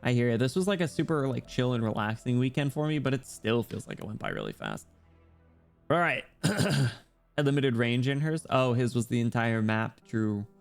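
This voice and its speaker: Talking to viewers at a normal pace, a man streams a game in an expressive, gravelly mid-range voice, soft music playing behind him. His chatter is packed with "like" and other fillers, and he reads story passages aloud more softly and quietly.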